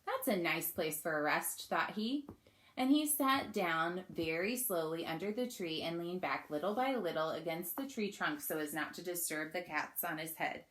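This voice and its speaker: Her voice sits on the low side, fairly bright, with a moderate pace. She reads a children's picture book aloud and coaxes her young audience to participate with questions and movements.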